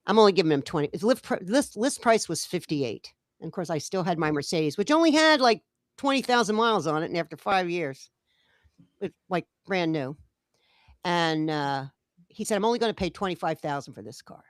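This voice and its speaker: A woman's voice: on the low side, expressive, fairly quick, no room sound, studio quality. A woman co-hosting a casual chat, telling a story animatedly and acting out the dialogue of the people in it. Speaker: co-host.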